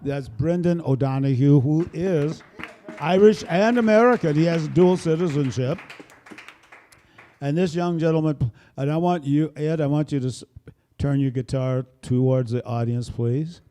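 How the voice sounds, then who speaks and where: A man's voice: a little high, fairly even intonation, normal speed, mellow, slight background noise. An older man leading a band, introducing his musicians with rambling, joking stage banter into a microphone at a small venue. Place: small performance space, live audience.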